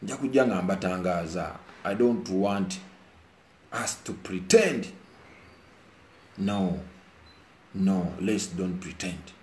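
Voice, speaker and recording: A Ugandan commentator speaks to viewers in a low, darkish voice at a slow pace with long pauses. His monologue is earnest, preachy and emotional, switching between Luganda and English, delivered indoors with rain outside, roomy echo and faint hiss.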